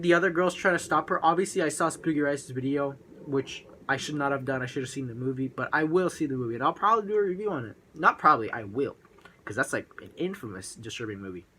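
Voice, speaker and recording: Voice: mid-range voice, bright, forceful tone. A video reviewer talking in a rambling, casual way, with many fillers and crude, offhand remarks.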